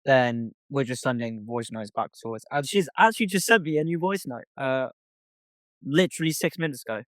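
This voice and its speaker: This young man co-hosts a casual podcast and tells a story by reading out text messages, swearing often. His mid-range voice has lively intonation and a brisk pace, and the recording is dry.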